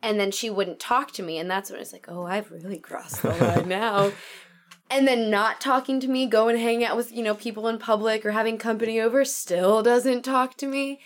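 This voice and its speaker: A woman chatting about faith in a casual, lively way, acting out what people in the story might have said. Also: fairly high pitch, a little fast, few pauses. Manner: animated storyteller who acts out quoted lines.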